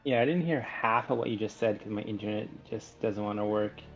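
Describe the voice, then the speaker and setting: A man's voice: on the low side, brisk, faint music behind. A man co-casting a game stream over a voice call, chatting in an easygoing way. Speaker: esports co-caster. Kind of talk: casual stream chat. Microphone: remote voice call. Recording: dull lo-fi call audio.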